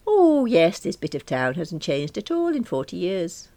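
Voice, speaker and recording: A woman voicing an older mother who nags and bosses her family in a brisk, fussing way. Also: lowish voice, huge pitch swings, mellow, pitched above the performer's own voice, full character voice. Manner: nagging, brisk. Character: fussy bossy older mother on holiday.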